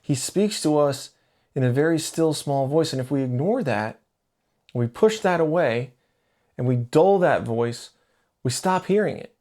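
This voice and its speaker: Middle-aged man telling a story casually. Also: unhurried. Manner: conversational, re-enacts dialogue with lively pitch jumps. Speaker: podcast host. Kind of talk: storytelling monologue.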